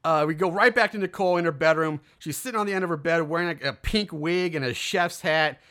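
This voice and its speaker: A man's voice: fairly high pitch, fast talker, sharp tone. A man casually recapping a film's plot, rambling with fillers and acting out the lines of the characters. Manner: rambling, lots of fillers, acts out quotes. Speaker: podcast co-host recapping a film.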